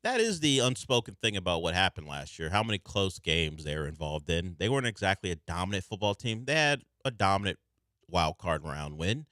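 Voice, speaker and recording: A man hosting sports talk radio, wry and animated, teasing his callers. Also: low-pitched, brisk, dry recording, studio quality.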